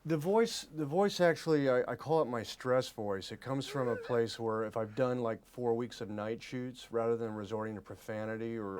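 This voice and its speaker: A man in his forties giving a press interview as an actor, earnest and halting, often repeating his words. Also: on the low side, darkish tone.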